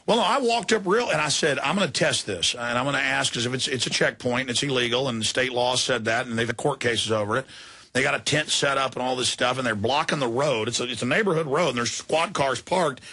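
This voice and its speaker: Worn out radio host guy ranting, gravelly and bright, kinda husky, keeps restarting sentences, dry close mic. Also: medium pitch, fairly quick. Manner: rambling, heated, many restarts. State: exhausted after long broadcast. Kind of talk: impassioned talk radio storytelling.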